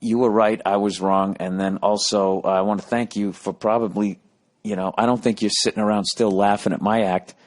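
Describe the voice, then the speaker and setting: A man's voice: on the low side, a little fast. A man who hosts a podcast and tells stories in a casual, rambling monologue, cursing often. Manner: profane, animated storytelling. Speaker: comedian and podcast host. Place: on the road while touring.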